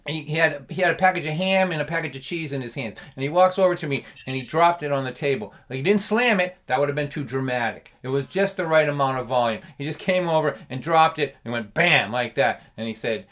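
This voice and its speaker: A man's voice: fairly high pitch, brisk, few pauses. Guy telling a funny story on a livestream, laughs a lot, keeps asking "right?". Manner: animated and chatty, laughing often, tagging lines with "right?".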